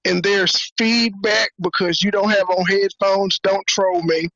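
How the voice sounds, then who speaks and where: A man's voice: high-pitched, fairly even intonation, a little slow, sharp tone, no echo. Blunt man hosting a stream. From Memphis, USA. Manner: blunt, provocative, teasing. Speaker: show host. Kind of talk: livestream talk show chat. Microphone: video call stream. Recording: dull dry lo-fi stream audio.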